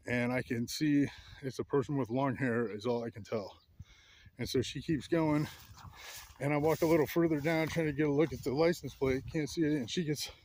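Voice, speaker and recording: A man's voice: mid-range voice, darkish tone. Man, rambling walkthrough narration, outdoors, phone camera, faint background noise. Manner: rambling, restarting, pointing out spots on the property. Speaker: vlogger recounting an incident. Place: outdoors on rural property.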